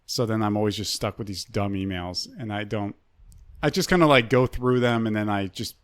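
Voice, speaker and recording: A man's voice: lowish voice, a little fast, smooth, no room sound, clean studio sound. A man in his twenties, a guest comedian on a podcast, complaining in a loose, laid-back way. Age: 20s. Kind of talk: casual comedy podcast chat.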